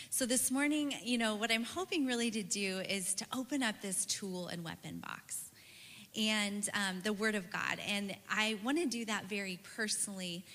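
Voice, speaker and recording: A woman's voice: medium pitch, normal speed, a bit bright, in a large hall. A woman giving an earnest, personal devotional talk at a church gathering, often tucking "right" into her sentences. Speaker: speaker at a church women's gathering.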